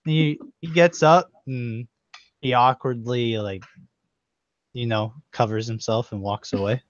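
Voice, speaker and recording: A young man narrating as game master, laughing as he quotes characters in quick snatches. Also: medium pitch, fairly even intonation, slight background noise. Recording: dull, dry lo-fi recording.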